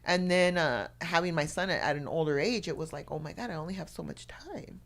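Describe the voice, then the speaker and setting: A woman's voice: low voice, expressive, brisk, gravelly. A middle-aged woman chatting on a live talk show, telling heartfelt, rambling stories full of fillers. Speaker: talk show co-host or guest.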